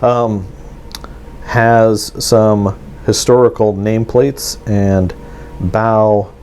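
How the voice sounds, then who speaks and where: A man with a low, dark, mellow voice hosts a casual hobby vlog, showing his models at a table. He rambles along with plenty of ums and false starts. A faint hiss of room noise sits under him. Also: steady tone, very slow. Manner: rambling, with many ums and restarts. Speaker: miniatures hobby channel host. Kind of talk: casual show-and-tell vlog.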